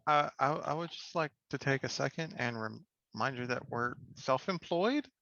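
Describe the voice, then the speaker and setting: A man's voice: mid-range voice, expressive, normal speed, vocal fry, bright, forceful tone, no room sound. A man playing a tabletop game, speaking hesitantly with stammering restarts. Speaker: player. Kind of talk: casual chat at a tabletop game. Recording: dull lo-fi mic.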